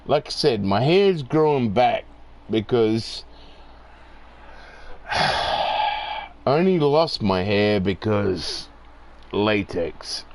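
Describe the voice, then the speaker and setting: A man's voice: medium pitch, low-quality recording. A man in his forties talking in a casual, rambling and profane monologue, with lots of "it's like".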